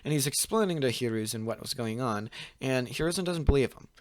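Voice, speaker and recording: A man's voice: mid-range voice, lively intonation, fairly quick, dry recording. Young male channel host, casual rambling storyteller, dry close voice. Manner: rambling, full of "pretty much" and "like", frequent restarts. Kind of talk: casual fan-fiction storytelling.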